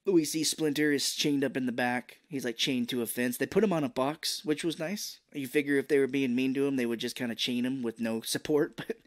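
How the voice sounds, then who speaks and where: A man co-hosting a podcast, casually recapping a movie scene by scene and dropping into quick silly character voices. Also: medium pitch. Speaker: podcast co-host.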